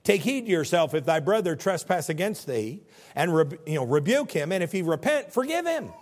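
Male pastor, high-pitched, impassioned sermon delivery with big swings in loudness. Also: sing-song, brisk. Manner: impassioned preaching, swings from quiet to shouting; repeats words when fired up.

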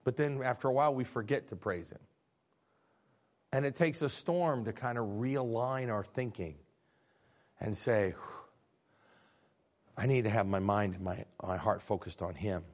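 A middle-aged man preaching a sermon as pastor, animated, acting out dialogues and swinging from quiet low lines to near shouts. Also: a little slow, pauses often.

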